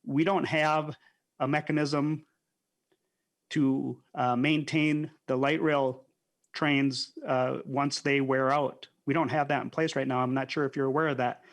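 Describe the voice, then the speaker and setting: A man's voice: mid-range voice, level tone, measured pace. A man, a state legislator, arguing firmly in a committee hearing and pressing his points. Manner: firm, argumentative, repeats points.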